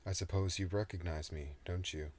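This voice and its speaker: A man voicing an ancient male demon with a deep, soothing, mock-polite manner in an audiobook reading. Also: fairly even intonation, normal speed, a little mellow, slightly rough. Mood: gloating.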